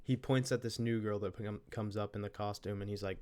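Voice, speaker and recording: A man's voice: on the low side, steady tone, a little fast, few pauses. A young man casually telling a story from his college day, rambling, restarting his sentences and using slang. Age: young adult. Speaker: vlogger.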